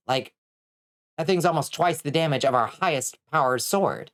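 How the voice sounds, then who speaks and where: Excitable swearing woman streamer. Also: low voice, a little fast. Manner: swearing, excitable, reads chat aloud. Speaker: vtuber streamer. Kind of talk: casual gaming stream chat.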